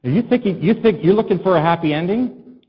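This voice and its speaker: A man's voice: sits high, lively intonation, fast talker, slightly rough, lo-fi sound. A man preaching a sermon to a congregation in a conversational, storytelling way, often asking the listeners questions and acting out what people said. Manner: conversational, asks the congregation questions, acts out quotes. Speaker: pastor.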